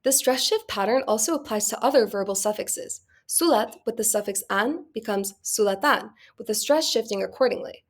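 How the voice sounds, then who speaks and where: Young female student presenter giving a scripted class talk at a steady pace. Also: fairly high pitch, normal speed, hardly any pauses. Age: young adult.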